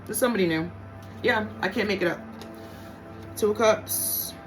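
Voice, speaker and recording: Woman, tarot reader, casual talk, blunt, swears a lot, repeats herself, mid pitch, faint music behind. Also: moderate pace. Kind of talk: casual tarot reading to viewers.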